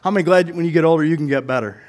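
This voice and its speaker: Male pastor, middle-aged, slightly high voice, animated storytelling, sermon in a church. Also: racing. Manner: animated storyteller, laughs while telling, acts out voices. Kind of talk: sermon with humorous stories. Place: church sanctuary.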